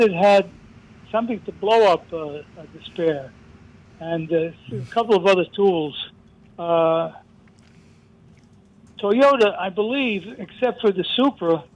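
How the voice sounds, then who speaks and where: Regular radio caller, New man, pitched high, playful quizzer. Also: a little mellow, low-quality recording. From South Bronx, New York. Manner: joking, quizzing the expert. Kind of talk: radio call-in chat.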